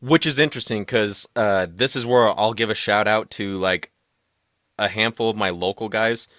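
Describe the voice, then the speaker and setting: A man's voice: on the low side, normal speed, fairly bright tone, no echo, clean studio sound. A man hosting a casual podcast conversation, chatty with joking asides. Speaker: podcast host.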